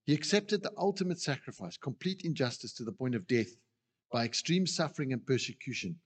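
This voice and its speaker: A man preaching a sermon who acts out the voices he quotes with animated delivery. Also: mid-range voice, a little fast, slightly rough. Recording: long reverb of a hall.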